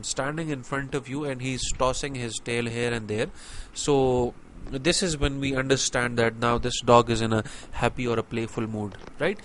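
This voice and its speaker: A man's voice: medium pitch, a bit bright, slight background noise. A young man giving a university lecture, explaining step by step with many fillers and frequent rhetorical "right?" checks.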